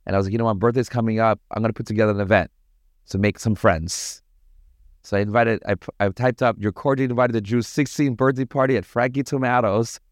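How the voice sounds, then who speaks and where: A man from Toronto, a podcast guest telling stories in a casual, animated, slangy way. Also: on the low side, fast talker, no room sound, clean studio sound. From Toronto, Canada. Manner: animated, slangy, acts out voices in his anecdotes. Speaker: podcast guest, party promoter. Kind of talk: casual storytelling.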